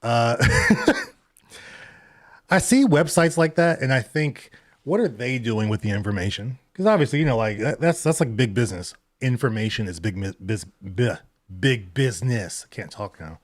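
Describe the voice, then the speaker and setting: A man's voice: medium pitch, very animated, normal speed, dry recording, clean studio sound. A man giving rambling casual livestream commentary, laughing often and tripping over his words. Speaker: reaction streamer.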